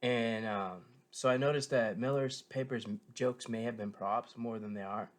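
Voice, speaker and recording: A show reviewer with a mid-range male pitch talks at normal speed in casual, rambling commentary. He drifts from thought to thought, leaning on fillers, restarting sentences and correcting himself often. He comes across as an enthusiastic fan chatting directly to his viewers.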